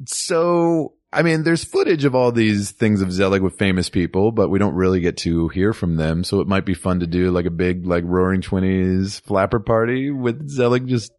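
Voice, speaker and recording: A man co-hosting a podcast in casual improv chat, giggly and animated. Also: sits low, moderate pace, few pauses, dry recording, studio quality. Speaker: podcast co-host.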